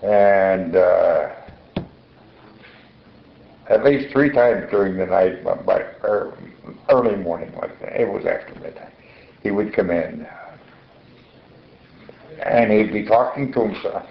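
An older man being interviewed in the front room of his home, halting and repeating his words as he recounts events. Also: on the low side, vocal fry, slight background noise. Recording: muffled, echoey room recording.

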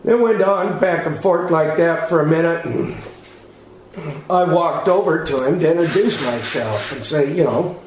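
A man's voice: on the high side, measured pace. A man giving a witness statement, rambling and repeating himself in a plain-spoken casual account. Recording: heavy echo, faint background noise.

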